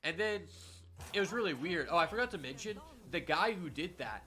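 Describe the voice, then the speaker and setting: A young man streaming a card game, chatting casually and telling stories, given to sudden loud hype outbursts. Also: on the high side, fairly quick, soft background music. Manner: excitable, swings from quiet muttering to loud shouting. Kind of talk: live gameplay commentary and storytelling.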